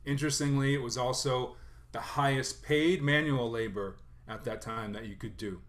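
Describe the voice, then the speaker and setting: A male lecturer gives an academic presentation on song history. He talks in a thoughtful, halting way, full of fillers and restarts. His voice sits at an ordinary middle pitch. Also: steady tone, fairly bright tone. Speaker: lecturer on sailor songs.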